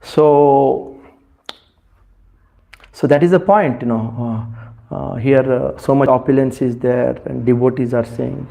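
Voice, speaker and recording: A man's voice: mid-range voice, fairly even intonation, takes it slowly, creaky, long pauses, mellow. A man giving a devotional talk, searching for words with many fillers and asking rhetorical questions. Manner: rhetorical questions, rising emphasis. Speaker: spiritual speaker.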